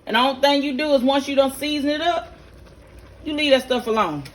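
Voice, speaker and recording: A middle-aged woman with a high voice talks a little fast as she shows viewers a home recipe in her kitchen. She is folksy and chatty, giving instructions and speaking straight to the audience as a home cook hosting a vlog.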